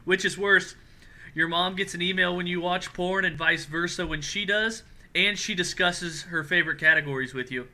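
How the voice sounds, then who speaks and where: Bright-voiced laughing podcast host man. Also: sits high, moderate pace. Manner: laughing often, reading out matchups. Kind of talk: casual podcast banter.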